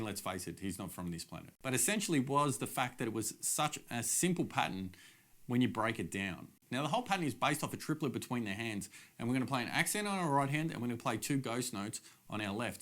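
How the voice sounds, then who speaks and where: A middle-aged Australian man gives a casual, upbeat drum lesson directly to camera, explaining the steps plainly. His medium-pitched voice is expressive, fast and a little bright.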